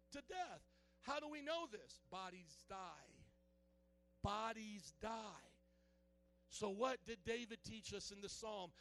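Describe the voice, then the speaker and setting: A man's voice: high voice, fairly bright tone. A male pastor preaching a sermon in a conversational way, quizzing the congregation with questions and dropping joking asides.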